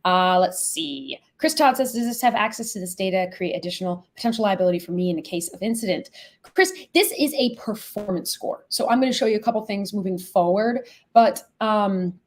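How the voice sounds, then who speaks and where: A woman hosting a live product demo, chatty and excitable, gushing over features and casually swearing. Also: mid-range voice. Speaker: logistics software founder and host.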